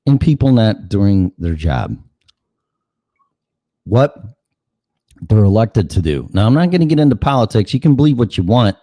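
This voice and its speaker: A man's voice: on the low side, very animated, moderate pace, pauses often, warm tone, no room sound. A man hosting a show, delivering a sarcastic, profane ranting monologue full of mocking asides. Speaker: show host.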